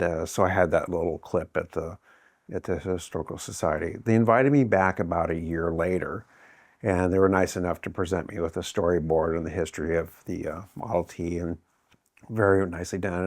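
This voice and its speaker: A man's voice: sits low, normal speed, no echo. Middle-aged guy rambling through an old family story, acts out the quotes, dry close mic. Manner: rambling, animated retelling with quoted dialogue. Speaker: interviewee. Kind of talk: casual storytelling.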